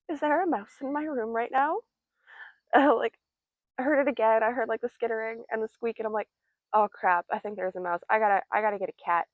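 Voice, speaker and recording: A woman's voice: a little high, no room sound, highs cut off. A young woman giving a casual tarot reading, chatty and playful, with many fillers and giggles. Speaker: tarot reader.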